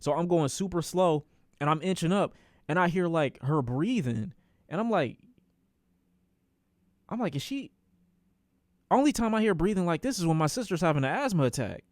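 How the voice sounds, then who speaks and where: A young man, a streamer, telling a personal story in a casual, animated way, swearing freely and repeating phrases for emphasis. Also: on the high side, a little fast, no echo, studio quality.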